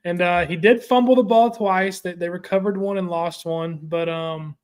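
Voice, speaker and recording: A young man with a notably high voice talks football on a casual show. He rambles, restarts his sentences and spells out words for emphasis. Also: steady tone, normal speed, clean tone. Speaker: sports show co-host. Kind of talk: casual sports talk.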